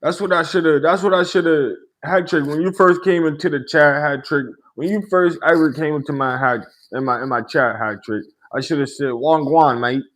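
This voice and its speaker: A man's voice: fairly high pitch, a little fast, few pauses, fairly bright tone. A man hosting a casual livestream, talking to chat in a laid-back way, laughing often and tagging sentences with "right?". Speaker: livestream host chatting with viewers. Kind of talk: casual live-stream chat.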